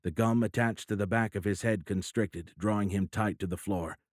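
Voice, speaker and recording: A man narrating a sci-fi audiobook in a steady, measured storytelling manner. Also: lowish voice, no echo, clean studio sound. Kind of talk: scripted narration.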